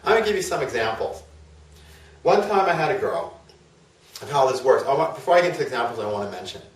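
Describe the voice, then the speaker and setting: A male astrologer tells a myth to an audience in a loose, chatty way, often tagging his points with a question. His voice sits at a middle pitch. It is recorded in a roomy space, some distance from the mic. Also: big pitch swings, fast talker. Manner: chatty, with fillers and tag questions. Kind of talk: casual storytelling lecture.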